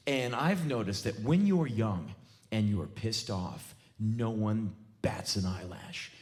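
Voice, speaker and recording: An American man in his forties delivers a live spoken-word comedy rant on a theater stage, breaking into intense, shouting bursts. His voice runs on the low side, animated but slow.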